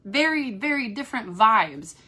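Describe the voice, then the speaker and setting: A woman with a Kentucky accent, chatting upbeat and fast from a cruise ship cabin while reading viewer comments aloud on her phone. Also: a little high, very animated, sharp tone, breathy edge. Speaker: cruise vlogger host. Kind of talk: casual live-stream chat.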